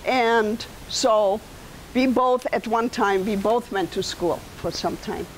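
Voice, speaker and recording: A woman's voice: mid-range voice, slow, a little hiss or hum, low-quality recording. A woman in her seventies with a German accent, telling her life story to an audience in a conversational way, turning to listeners with asides. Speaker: guest speaker and author.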